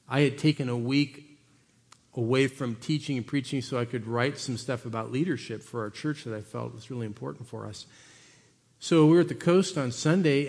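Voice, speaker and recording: A man preaching as a pastor, telling stories with animated swings between loud and hushed delivery. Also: medium pitch, long reverb tail. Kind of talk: sermon.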